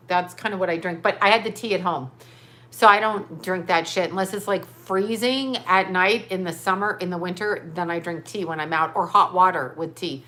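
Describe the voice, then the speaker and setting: Bright-voiced woman rambling on a livestream. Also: mid-range voice. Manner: rambling, chatty, reading viewer comments aloud. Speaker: livestream host. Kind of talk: casual livestream chat. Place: home.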